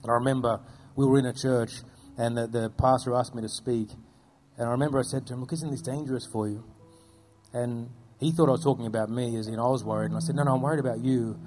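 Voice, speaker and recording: A man telling earnest faith stories as an interview guest, dropping his voice low at solemn moments. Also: fairly even intonation, quick pace, a little mellow, soft background music. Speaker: guest speaking about persecuted churches. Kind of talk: storytelling testimony.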